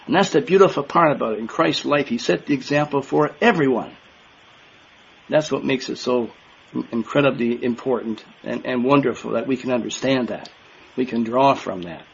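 A man's voice: mid-range voice, normal speed, creaky, lo-fi sound, a little hiss or hum. An older man giving an earnest, emphatic sermon to a congregation, repeating key words for stress. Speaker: minister.

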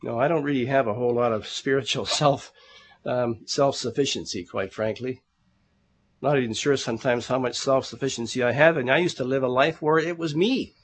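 A pastor preaches fairly quickly in a mid-range male voice, keeping his tone earnest and conversational. He calls the congregation brethren, and words often get repeated while he looks for the next one.

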